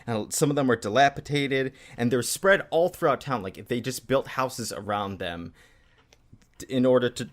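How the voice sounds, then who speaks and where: A man's voice: mid-range voice, moderate pace. Rambling male podcast co-host. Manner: rambling, with many "like" fillers. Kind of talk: casual chat recapping a manga.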